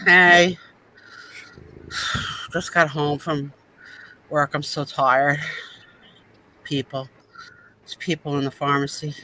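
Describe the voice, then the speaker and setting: A woman's voice: sits low, fairly even intonation, takes it slowly, long pauses, pushed and bright, slight background noise, pitched below the performer's own voice, heavily acted, low-quality recording. A woman playing a weary young female pharmacy worker who sighs and complains over a video call. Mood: exasperated. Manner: sighing, complaining, exasperated.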